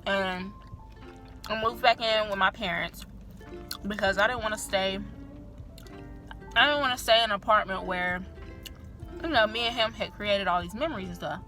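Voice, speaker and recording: Young woman storytime vlog, chatty, lots of "like", swears, bright voice, mid pitch. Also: moderate pace, long pauses, faint music behind. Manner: chatty, filler-heavy, swears freely. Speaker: vlogger.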